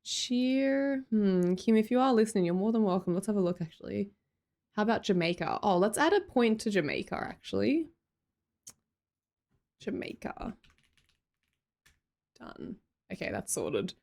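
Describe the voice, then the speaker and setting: A woman's voice: mid-range voice, big pitch swings, moderate pace, creaky, pauses often, a little mellow. An Australian woman hosting a livestream, chatting casually and reading out viewer comments in a bubbly way, laughing often. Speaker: livestream host.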